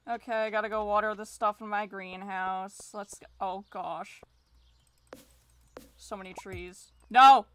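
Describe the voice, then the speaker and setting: A woman's voice: mid-range voice, fairly even intonation, unhurried, fairly bright tone, smooth. A woman streaming a farming game, rambling in casual commentary, mocking herself and swearing freely.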